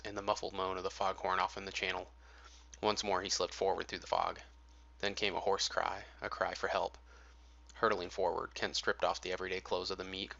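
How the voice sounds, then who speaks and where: Male audiobook narrator, deep, flat delivery, gravelly, crisp bright edge, lo-fi audio. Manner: measured, atmospheric storytelling. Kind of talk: scripted storybook narration. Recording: dull lo-fi audio.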